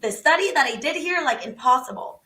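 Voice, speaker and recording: A woman guest on a podcast, telling a story in an animated, excitable way and acting out the quotes. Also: sits high, fairly quick, roomy sound, recorded from a distance, low-quality recording. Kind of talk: casual storytelling.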